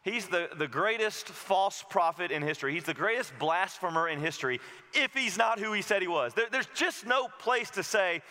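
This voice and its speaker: A man preaching a sermon as pastor, animated and rising to loud, emphatic peaks. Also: sits high, normal speed, in a large hall.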